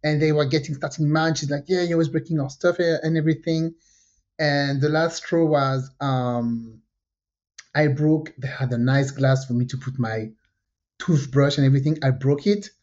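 Woman telling a story. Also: normal speed. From France. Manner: animated, jumps pitch when quoting people, frequent fillers. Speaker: podcast co-host. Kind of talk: casual storytelling chat. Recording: dull lo-fi podcast audio.

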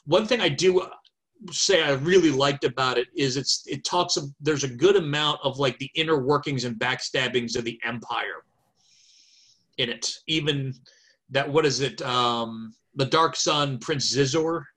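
A man talks at length on a podcast over a video call, chatty and thinking aloud. He pauses on fillers as he goes. His voice sits at an ordinary middle pitch. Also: sharp tone. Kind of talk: casual chat.

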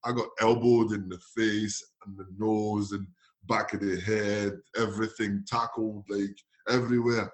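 A man from France with a French accent, a guest telling animated anecdotes in a casual interview, acting out quotes and laughing often. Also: on the low side, a little slow. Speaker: guest, former footballer.

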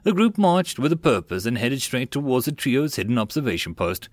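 Lively male audiobook narrator. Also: mid-range voice, fairly quick, dry recording. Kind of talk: web novel audiobook reading.

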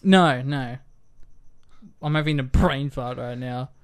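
A man co-hosting a casual film podcast, animated and joking, sometimes stumbling over words. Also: medium pitch, takes it slowly, smooth. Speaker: podcast co-host.

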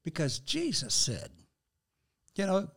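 This older man's voice is high-pitched and creaky, and his pace is slow. Appearing as a guest on a faith talk show, he speaks with earnest animation and quotes scripture.

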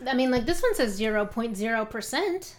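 Woman, podcast co-host, video call mic, higher pitch, teasing. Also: lively intonation, a little fast. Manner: blunt, teasing. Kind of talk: casual chat.

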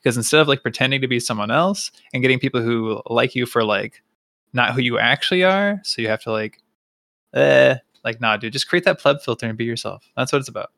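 A man's voice: medium pitch, fast talker, gravelly, pushed and bright, dry recording, studio quality. A man guesting on a podcast, talking in a laid-back, enthusiastic way and swearing casually. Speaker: podcast guest, music producer. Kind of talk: casual chat.

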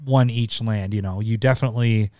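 A man co-hosting a casual card-game discussion, relaxed and often laughing, sometimes reading card text aloud. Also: fairly low pitch, brisk, no echo, clean studio sound. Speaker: podcast co-host.

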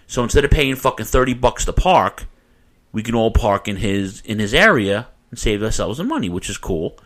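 A man's voice: on the low side, very animated, normal speed, fairly bright tone. A man co-hosting a casual chat, telling a story with plenty of swearing and animation. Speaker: podcast co-host telling a story.

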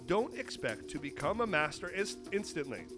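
A man's voice: on the high side, big pitch swings, normal speed, over loud music. A man co-hosting a comedy podcast, playful and laughing often, sometimes slipping into a mock teacher's voice. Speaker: podcast co-host. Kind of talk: comedic casual chat.

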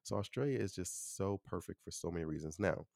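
A young Chicago man hosts a casual solo podcast in a deep, low, darkish voice with vocal fry. He talks fast and loose, chatty and full of "you know," "like" and easygoing asides. The recording is close and dry, with no room echo.

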